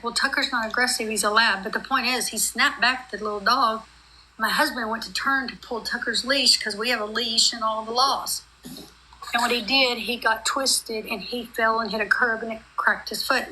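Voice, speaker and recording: A woman's voice: on the high side, sharp tone, a little hiss or hum, rough recording. A middle-aged woman, chatting on a live stream call in a rambling, heartfelt, run-on way. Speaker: guest on a group live stream. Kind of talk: emotional casual chat.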